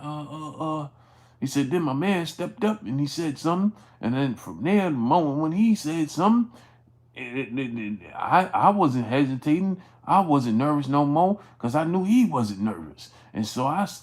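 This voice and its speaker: A man's voice: fairly high pitch, animated, moderate pace, darkish tone. A man hosting a sports livestream, telling a story in a rambling way with many fillers and restarts, and greeting chat viewers by name along the way. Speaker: sports channel host.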